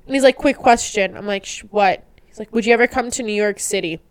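Young woman from Canada, podcast co-host, a bit tipsy, swears through an animated retelling, smooth voice on a dry close mic. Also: medium pitch, quick pace, dry recording. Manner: profane, animated storytelling. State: a little tipsy. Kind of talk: casual podcast chat.

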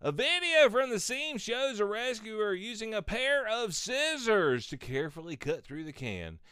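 A man's voice: high voice, sing-song, unhurried, pushed and bright, clean tone, no room sound, studio quality. Man sarcastically riffing on news. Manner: reads headlines, then jokes sarcastically. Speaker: podcast host. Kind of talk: comedic news reading.

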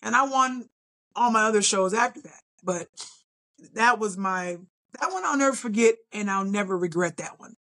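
A middle-aged woman, a bodybuilder guest on a podcast, telling her story in a casual, animated way and acting out her own reactions. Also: mid-range voice, normal speed.

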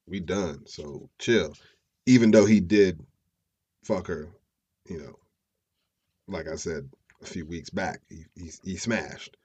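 A man's voice: deep voice, slow, long pauses, mellow, breathy edge, highs cut off. A man hosting a podcast, retelling a story casually with profane slang. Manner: profane, slangy, chuckling asides. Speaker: podcast host. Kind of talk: casual true-crime storytelling.

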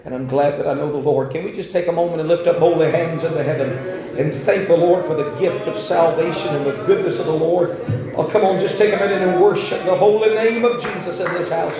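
Man, revival preacher, fervent, shouting at peaks, fairly high voice, echoey church hall. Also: fairly even intonation, brisk, crowd noise. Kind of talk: revival sermon. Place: church sanctuary.

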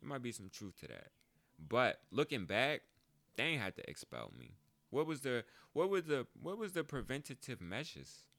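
Animated joking man, podcast host. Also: medium pitch, normal speed, creaky, no room sound. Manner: animated, joking, swears freely. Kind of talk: casual storytelling monologue.

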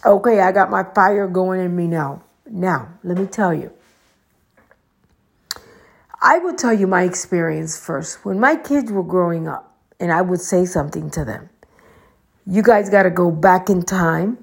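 A woman's voice: on the low side, normal speed, vocal fry, breathy edge. A middle-aged woman giving casual advice to her viewers, chatty and preachy, and she talks straight to them. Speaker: vlogger.

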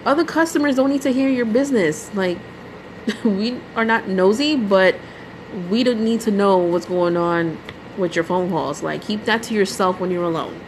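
A woman hosts her own podcast and rants casually about her experiences, filling her speech with "you know" and "like" and dropping in the odd swear word. Her voice sits in an ordinary middle pitch. A faint hum runs in the background. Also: poor audio. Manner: exasperated ranting storytelling, full of "you know" and "like"; mild swearing. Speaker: podcast host. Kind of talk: casual solo podcast monologue.

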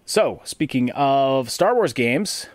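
A man's voice: mid-range voice, animated, takes it slowly, no room sound. A man hosting a gaming podcast, chatting casually and rambling through fillers and restarts. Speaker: podcast host.

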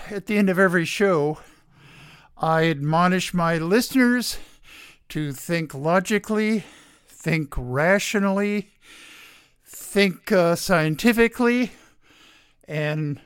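A radio show host giving a casual opinion monologue from home, halting with many filler pauses. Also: mid-range voice, lively intonation, clear, resonant tone, no echo, studio quality.

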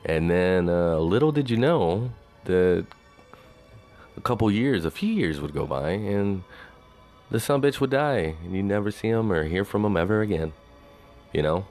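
Deep-voiced man rambling, swearing a lot. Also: lively intonation, a little slow, a little mellow, faint music behind. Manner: rambling, profane, full of "you know". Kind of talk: casual monologue.

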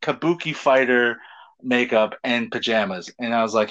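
A man's voice: mid-range voice, moderate pace, fairly bright tone. A man co-hosting a casual talk show, telling stories animatedly, laughing, swearing and acting out quotes. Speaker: podcast co-host. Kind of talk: casual chat, storytelling. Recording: dull lo-fi sound.

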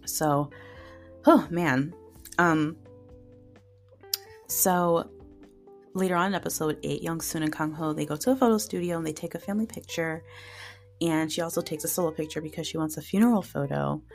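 Low, gravelly-voiced woman recapping dramas. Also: moderate pace, long pauses, soft background music. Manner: emotional, retells scenes with many fillers. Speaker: podcast host reviewing dramas. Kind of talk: casual solo review.

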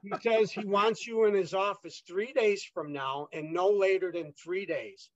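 Higher-voiced man telling a rambling story. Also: measured pace, dry recording, lo-fi sound. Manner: rambling, many fillers and restarts, re-enacts dialogue. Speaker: guest telling his illness story. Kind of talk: casual conversational storytelling.

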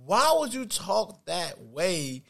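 A man co-hosting a sports podcast, talking animated and quick in casual chat. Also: gravelly. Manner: animated, quick, jumping pitch. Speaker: podcast co-host.

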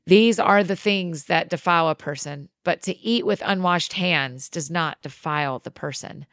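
Low-voiced woman reading scripture. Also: normal speed, fairly bright tone, no room sound, studio quality. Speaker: scripture reader.

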